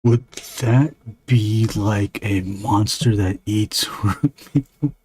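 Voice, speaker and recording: A man's voice: lowish voice, very slow, darkish tone, breathy edge, no room sound. A man casually chatting and joking in playful, rambling tangents while he draws on his stream. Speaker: artist hosting a drawing stream. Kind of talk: casual chat while drawing.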